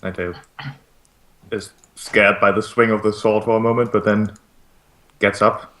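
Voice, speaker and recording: Low-voiced man narrating a tabletop game. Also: flat delivery, normal speed, fairly bright tone. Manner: repeats words when starting sentences. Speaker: game master.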